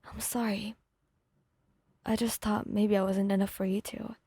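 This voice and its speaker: Hesitant strained young lover, read by a woman, apologetic, mellow and dry, ASMR fanfic reading. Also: medium pitch, level tone, a little fast, no room sound, close to an everyday voice. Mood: tearful. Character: hurting, secretive young lover.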